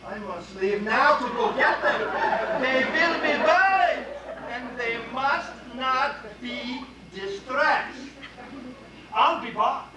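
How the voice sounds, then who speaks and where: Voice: high voice, animated, slow pace, a loud crowd, heavy background noise. An actor playing a brusque male caretaker with a put-on German accent, speaking in a formal, clipped, commanding way on stage. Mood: stern. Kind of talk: amateur stage acting. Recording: distant stage voice in echoey hall with audience.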